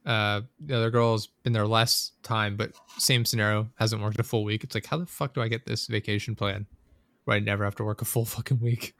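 A man's voice: on the low side, fairly even intonation, brisk, creaky, a bit bright. A man in casual chat, rambling and swearing as he vents about a coworker. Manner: profane, venting, rambling storyteller.

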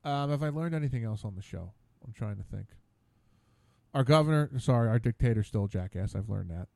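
A man's voice: mid-range voice, lively intonation, a little fast, creaky, darkish tone, no room sound. A man hosting his own radio show, rambling casually alone at a studio mic, stammering and repeating words in exasperation.

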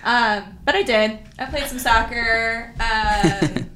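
A woman, a former pro soccer player, telling lively anecdotes in a casual chat and acting out what people said. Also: on the high side, slow. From Vancouver area, Washington, US. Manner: lively anecdotes, acts out quotes, laughs often.

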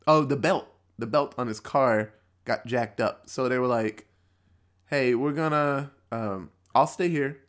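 A young man talks through a movie plot in a loose, rambling podcast style. He backtracks and corrects himself mid-sentence and swears easily. When he quotes characters, he jumps up into higher, sillier voices. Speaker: podcast host. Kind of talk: casual movie recap.

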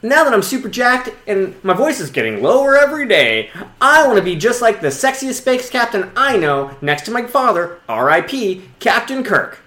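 A man playing an eager teenage boy in an improvised comedy scene, excitable and given to whoops, sometimes shaky with nerves. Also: high voice, normal speed, hardly any pauses, exaggerated voice. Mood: earnest. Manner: excitable, shouts and whoops, then turns shaky and scared. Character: eager teenage boy, fourteen, dreaming of space. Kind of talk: improv comedy role-play. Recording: echoey room.

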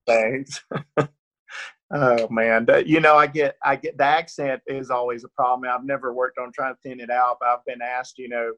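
A man's voice: mid-range voice, fairly even intonation, normal speed, a bit bright. A man from Northeast Georgia with a rural Georgia accent, answering interview questions as an actor guest in a chatty, self-deprecating way, laughing often and restarting his sentences.

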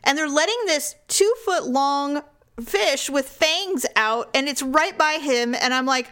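A woman with a fairly high voice tells a long story in casual chat. She rambles, restarts her sentences and fills the gaps with "like". Her pitch sits above that of most women. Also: a little slow, bright, forceful tone. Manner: rambling storyteller with many fillers and laughs.

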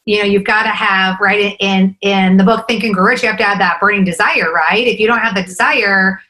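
A woman's voice: mid-range voice, fairly even intonation, brisk, pushed and bright, poor audio. A woman in her forties, a podcast guest talking casually and eagerly, often tagging her points with "right?". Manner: enthusiastic, fillers like "right?" and "like". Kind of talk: casual interview chat.

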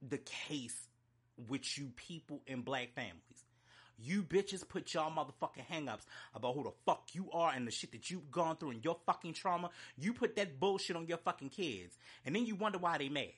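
A man with a raised, forceful and tense voice rants about music with heated emphasis. He swears freely and hammers each point home in an unscripted, emotional review. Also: fairly high pitch, breathy edge. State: choked up.

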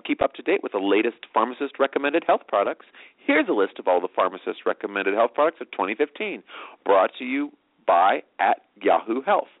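A man hosting a talk show, explaining things quickly in a rambling way with many fillers. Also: lowish voice, no room sound. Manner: rambling, filler-heavy, fast. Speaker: host. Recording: tinny dry phone-like audio.

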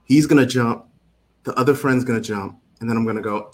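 A man telling a story in a casual, animated way, acting out what people said and laughing often. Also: medium pitch, brisk. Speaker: guest. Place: home setup with clip lights.

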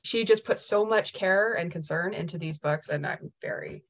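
Chatty woman author with a lowish voice. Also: moderate pace. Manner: enthusiastic, many "like" and "um" fillers. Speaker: author guest. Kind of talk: casual interview chat.

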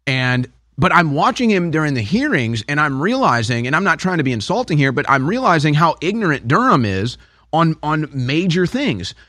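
A man's voice: a little high, sing-song, moderate pace, sharp tone, no room sound, studio quality. A man hosting a casual interview, chatting with his guest and leaning on sports metaphors. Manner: conversational, uses sports metaphors. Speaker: host.

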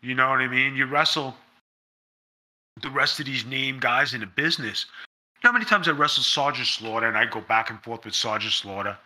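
A man's voice: medium pitch, a little fast, sharp tone. A man being interviewed, talking in a blunt, emphatic way and swearing freely. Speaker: interview guest, former pro wrestler. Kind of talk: casual interview storytelling.

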